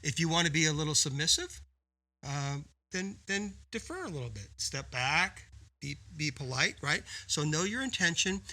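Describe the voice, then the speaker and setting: A man's voice: fairly high pitch, sing-song, normal speed, pushed and bright. A man co-hosting a business podcast, explaining in an emphatic, coaching way and often tagging points with "right?". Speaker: podcast co-host. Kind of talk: casual business podcast talk.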